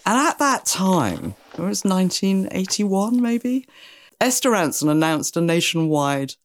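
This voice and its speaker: A woman's voice: mid-range voice, a little slow. A woman, a guest telling self-mocking stories in an interview chat. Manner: lively, self-mocking storyteller.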